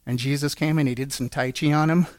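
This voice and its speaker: A man's voice: a little high, fairly even intonation, quick pace, darkish tone, no room sound. A man giving an earnest personal testimony in a church, telling his story and acting out quotes. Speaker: church speaker.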